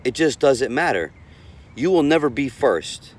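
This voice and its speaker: A man's voice: mid-range voice, animated, measured pace. A man giving casual relationship advice as a coach, rambling and repeating words as he talks.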